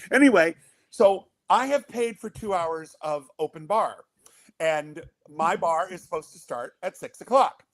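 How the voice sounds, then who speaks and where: A man's voice: sits high, lively intonation, measured pace. An older man, the father of the groom, telling a long wedding story on a podcast and acting out the quotes.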